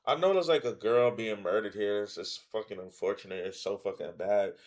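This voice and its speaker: A man streaming a live reaction, swearing freely and breaking into loud outbursts. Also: fairly low pitch, fairly quick. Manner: profane, blurts out loud outbursts.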